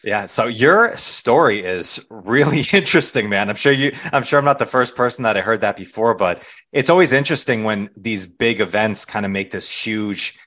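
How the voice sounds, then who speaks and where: A man hosting a podcast interview in a relaxed, casual way. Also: fairly low pitch, normal speed, hardly any pauses. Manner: relaxed, laid-back with fillers. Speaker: podcast host.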